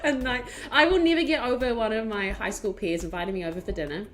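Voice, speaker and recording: A woman streamer chatting casually, telling stories in an animated, giggly way with lots of fillers. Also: on the high side, fast. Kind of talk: casual chat. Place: home streaming setup. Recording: faint music behind.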